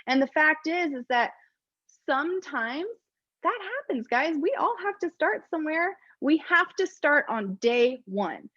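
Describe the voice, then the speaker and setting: A chatty woman gives a casual motivational talk, laughing often and poking fun at herself. Her voice sits somewhat high. The recording is dry and a little dull. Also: animated, unhurried, fairly bright tone, no echo. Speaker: network marketing presenter.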